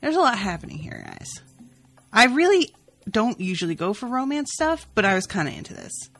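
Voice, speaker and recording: A woman's voice: medium pitch, wildly swooping pitch, brisk, fairly bright tone, soft background music. Chatty, sniffly young woman. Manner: chatty, full of "like" and "um". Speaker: podcast host. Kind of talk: casual chat about a book.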